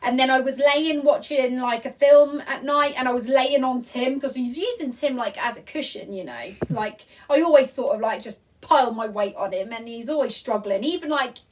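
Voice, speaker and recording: Woman, high voice, casual live-stream chat, rambling, apologetic, lots of fillers. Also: normal speed, few pauses, far from the mic, low-quality recording. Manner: chatty, rambling, full of "um" and "like"; apologetic, reading out viewer comments. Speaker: vlogger hosting a live Q&A. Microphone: tablet recording.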